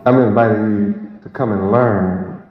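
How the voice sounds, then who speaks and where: A man's voice: on the low side, steady tone, unhurried, slight background noise. A man teaching a sermon in an emphatic, rhetorical way, drawing out key words. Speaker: religious teacher. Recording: echoey lo-fi hall recording with crowd.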